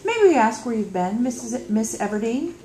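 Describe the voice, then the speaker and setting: A woman's voice: on the high side, expressive, moderate pace, dark tone, a little hiss or hum, natural voice. A woman voicing a cold, formal female guard in a storybook reading, close to her own voice. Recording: echoey room.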